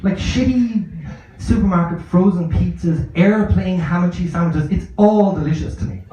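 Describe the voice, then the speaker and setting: A man's voice: sits high, moderate pace, dark tone. A man doing a stand-up comedy set, telling rambling, profane, self-mocking stories. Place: comedy club in Barcelona. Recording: echoey, dull live club recording.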